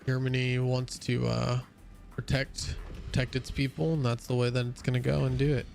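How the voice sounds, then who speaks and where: A man's voice: mid-range voice, level tone, normal speed, gravelly, a little mellow, soft background music. A young man streaming a game, chatting casually and rambling with lots of fillers and restarts, sounding a bit tired. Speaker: gaming streamer. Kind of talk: casual chat while playing a game.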